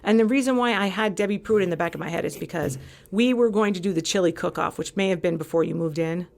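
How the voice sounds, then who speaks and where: Gravelly woman telling a story animatedly. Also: lowish voice, fast. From California. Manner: animated storytelling, acting out quoted exchanges. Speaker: podcast guest. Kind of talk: casual chat.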